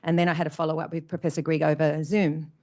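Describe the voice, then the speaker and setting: A woman's voice: low voice, level tone, fast, a little mellow. A middle-aged woman giving an emotional personal talk to an audience, repeating phrases for emphasis. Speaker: motivational speaker. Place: community event room.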